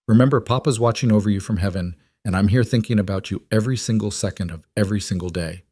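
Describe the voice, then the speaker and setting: A man's voice: lowish voice, quick pace, mellow, slightly rough, dry recording. A man voicing a young mother who pleads tearfully for her daughter. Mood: tender, tearful.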